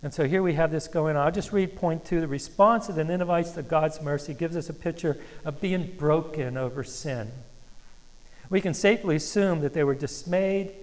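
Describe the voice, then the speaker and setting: A man preaching a sermon as pastor, earnest and halting with restarts, slowing down when he reads scripture aloud. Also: on the high side. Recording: long reverb of a hall.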